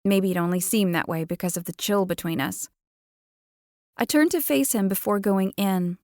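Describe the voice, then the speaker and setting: A woman's voice: medium pitch, normal speed, no echo. Dry, close-miked woman reading romance. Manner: expressive, playful first-person storytelling. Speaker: audiobook narrator. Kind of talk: first-person romance audiobook narration.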